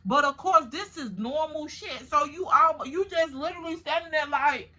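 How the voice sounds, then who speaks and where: A woman telling a story to her viewers in a casual, animated way, swearing freely and speaking straight to them. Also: high-pitched, moderate pace.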